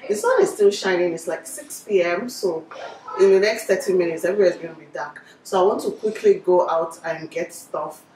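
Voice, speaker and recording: A woman's voice: lowish voice, a little fast, darkish tone, echoey room, distant mic, slight background noise, rough recording. A young Nigerian woman chatting casually as a cooking vlogger, laughing easily as she talks. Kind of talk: casual vlog chat. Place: home kitchen.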